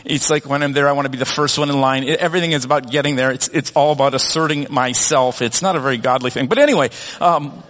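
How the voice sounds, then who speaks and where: A man's voice: mid-range voice, fast talker, few pauses, fairly bright tone. A man preaching a sermon, telling a humble story about himself with many restarts and self-corrections. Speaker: pastor. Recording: long reverb of a church hall.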